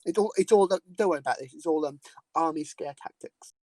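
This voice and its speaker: A man's voice: fairly high pitch, brisk, a little mellow, no echo, rough recording. A man co-hosting a podcast, chiming in on a movie recap with frequent laughs and fillers. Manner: laughs often, lots of "like" fillers, chimes in. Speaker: podcast co-host. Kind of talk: casual movie recap chat.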